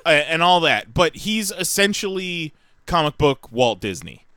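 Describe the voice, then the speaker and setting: Man, podcast co-host, teasing banter, bright tone, lively pitch, dry close sound. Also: a little slow, no room sound. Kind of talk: casual chat.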